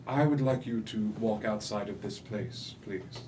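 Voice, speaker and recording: A man's voice: on the low side, unhurried, darkish tone, a little hiss or hum, pitched below the performer's own voice, close to an everyday voice. A man voicing a menacing stranger in a black robe who makes curt, polite demands in a tabletop game. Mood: cold. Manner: cold, clipped politeness. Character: menacing robed male stranger.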